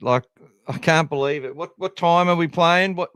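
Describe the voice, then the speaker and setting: Australian male podcast host, casual and rambling, smooth clear voice, dry close recording. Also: a little high, normal speed, fairly bright tone, no room sound. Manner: chatty, rambling, self-deprecating. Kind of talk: casual live-stream chat.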